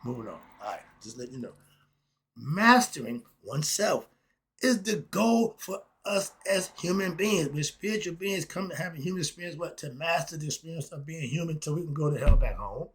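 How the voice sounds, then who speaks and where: A man's voice: a little high, lively intonation, normal speed, fairly bright tone, breathy edge. A man talking as a self-styled philosophy teacher in an impassioned solo talk, rambling and blunt with frequent cursing.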